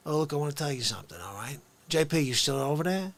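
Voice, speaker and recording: A man putting on a rough, clumsy Boston accent as a brash local heading to the ballpark. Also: a little high, expressive, fast talker, a bit bright. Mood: boastful. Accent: put-on Boston. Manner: rough, casual, clumsy imitation.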